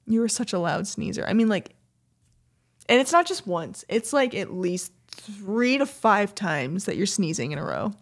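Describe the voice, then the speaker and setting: A woman co-hosting a podcast in casual chat, teasing and exasperated in an animated way. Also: medium pitch, moderate pace. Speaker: podcast co-host.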